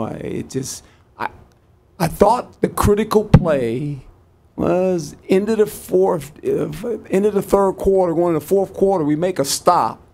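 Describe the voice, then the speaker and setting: A man's voice: on the high side, vocal fry, darkish tone. An older man in his sixties, a head football coach answering press conference questions in a folksy, repetitive way, acting out his sideline exchanges.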